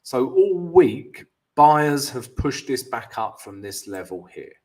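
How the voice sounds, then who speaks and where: A man's voice: mid-range voice, sing-song, slow pace, darkish tone. A man hosting a live trading stream, walking viewers through charts and greeting them by name, with frequent "yeah" and "guys". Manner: explanatory, peppered with "yeah" and "guys", reading out viewer names.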